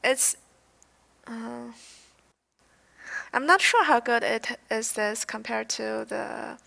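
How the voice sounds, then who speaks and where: A young woman streamer who is not a native English speaker, chatting casually and haltingly while reading game card text aloud on a headset mic. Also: fairly high pitch, creaky, pushed and bright. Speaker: game streamer reviewing cards. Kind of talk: casual live-stream chat.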